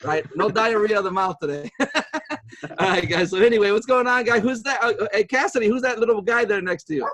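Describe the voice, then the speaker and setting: A man in his fifties gives a motivational talk from home over a video call as a guest speaker, with pet dogs nearby. He is upbeat, chatty, high-spirited, and long-winded, repeating himself, and speaks briskly in a fairly bright voice with no echo.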